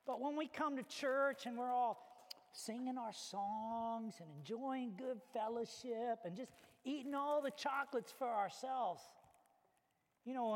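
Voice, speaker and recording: A man preaching a sermon as a pastor, telling stories with animated acted-out little scenes. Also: extremely high pitch. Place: church hall. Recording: reverberant hall.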